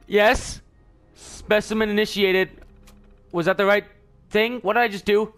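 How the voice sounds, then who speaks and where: A young man giving excitable let's play commentary, often yelling and laughing at the game. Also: high voice, a little slow, creaky, pauses often, soft background music. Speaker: gameplay commentator.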